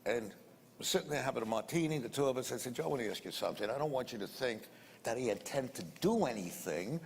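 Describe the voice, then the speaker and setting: A man's voice: medium pitch, lively intonation, fast talker. Older man, colloquial rambling anecdote, repeats sound words, long room reverb. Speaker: interviewee. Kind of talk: anecdotal storytelling. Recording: reverberant room with faint noise.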